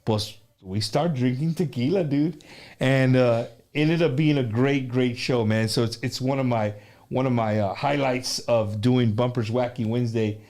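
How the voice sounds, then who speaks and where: A man's voice: mid-range voice, normal speed, a little mellow. A male show host, chatting in a laid-back way and dropping in Spanish words. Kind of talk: casual chat.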